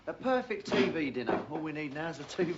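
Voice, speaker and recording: An actor playing a cheeky but decent young bricklayer who teases and calls people "love", in a TV drama. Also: male voice, a little high, sing-song, fast talker. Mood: banter. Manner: teasing, chatty, uses "love" a lot. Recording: muffled old TV soundtrack with faint hiss.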